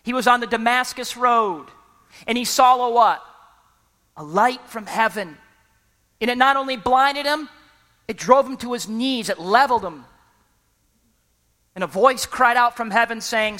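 A preacher giving an emphatic sermon who often pauses for the congregation to fill in a word and keeps urging people to listen. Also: mid-range voice, sharp tone, long reverb tail. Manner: repeatedly urges listeners to listen.

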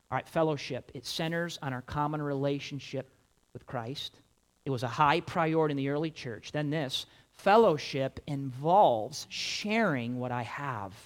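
A middle-aged pastor preaching a sermon in an emphatic, conversational way, with lively quoted asides. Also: male voice, fairly high pitch.

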